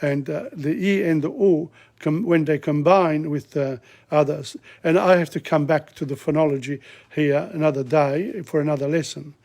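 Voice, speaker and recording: A middle-aged man teaching a language lesson, slowly and deliberately sounding out words syllable by syllable. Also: a little high, a little mellow. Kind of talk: slow spoken language lesson.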